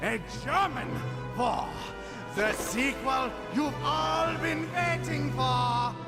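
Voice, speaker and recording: A man's voice: very high voice, takes it slowly, creaky, heavily acted. A man voicing a theatrical, war-hungry villain commander in a comedic parody dub, speechifying in a mock German manner. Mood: gleeful ranting. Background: music from the clip.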